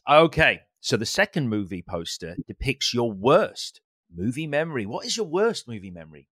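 A man's voice: mid-range voice, very animated, normal speed, fairly bright tone, slight background noise. A man hosting a casual interview, playful and jokey, stumbling over words as he riffs. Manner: playful, jokey, stammers when riffing. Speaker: podcast host.

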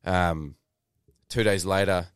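Young Australian guy, deep and smooth, rambling storyteller, dry close mic. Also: steady tone, slow pace, no echo. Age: 20s. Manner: rambling, lots of fillers and restarts, swears casually. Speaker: podcast guest, actor. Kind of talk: casual interview storytelling.

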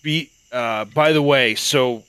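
A man taking part in a tabletop role-playing game, stumbling over his words with a halting, deadpan delivery. The sound is dry and close, with no room around him. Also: medium pitch, clean tone, dry recording. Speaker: player.

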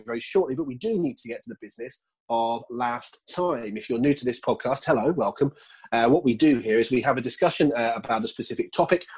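A man's voice: mid-range voice, a little mellow, husky, rough recording. A man hosting a casual podcast, chatty and self-mocking, with rambling asides. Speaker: podcast host.

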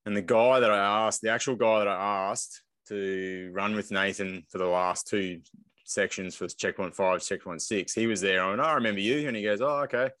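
Lively man, low dry voice. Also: normal speed, no echo. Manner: lively storyteller who acts out quoted speech. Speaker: podcast co-host and race pacer. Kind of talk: casual race recap chat.

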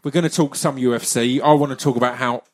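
A man's voice: medium pitch, steady tone, quick pace, a little mellow. A man hosting a casual podcast, rambling and stopping to restart his sentences with lots of fillers. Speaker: podcast host.

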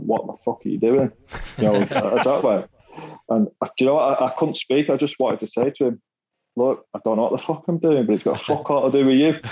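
A man's voice: mid-range voice, a little mellow, no room sound, dull audio. Middle-aged bloke, chatty, laughs a lot, trips over his words, dry close mic. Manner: laughs often, repeats words, swears. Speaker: podcast guest, former footballer. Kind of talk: casual storytelling chat.

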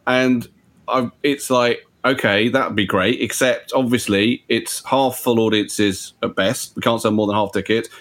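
A man's voice: medium pitch, a bit bright. A man, a comedian chatting casually in a conversation, rambling with restarts.

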